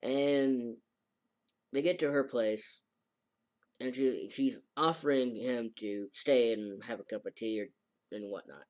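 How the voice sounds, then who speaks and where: Rambling, halting man recapping an episode. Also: mid-range voice. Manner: rambling, halting, with many fillers and restarts. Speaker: anime reviewer. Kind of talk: casual recap.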